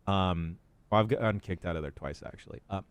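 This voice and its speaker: A man's voice: sits low, a little fast, clean tone, dry recording. Laid-back podcast host man, dry sound. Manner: laid-back, swears freely, tells anecdotes. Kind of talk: casual chat.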